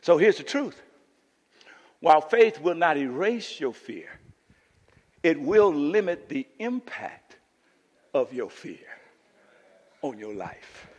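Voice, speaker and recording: A male pastor preaching a sermon, building to impassioned shouts and urging the congregation with "come on now.". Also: a little high, big pitch swings, takes it slowly, pauses often. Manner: call-and-response "come on now". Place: church sanctuary. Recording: church hall reverb.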